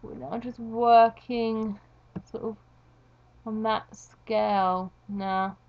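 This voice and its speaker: A woman's voice: fairly high pitch, fairly even intonation, drawn-out words, muffled recording. A woman giving casual, rambling, self-deprecating commentary while she draws for her video. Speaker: video creator.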